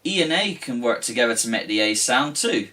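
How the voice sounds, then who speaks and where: A man's voice: medium pitch, brisk. A man teaching a children's phonics lesson, sounding out letters with big gasps. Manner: animated, exaggerated gasps and sing-song letter sounds.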